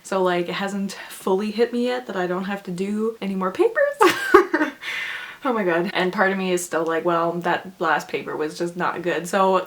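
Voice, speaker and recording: A young woman chatting casually to her vlog camera, laughing often between sentences. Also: medium pitch. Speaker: vlogger. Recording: echoey room with soft music.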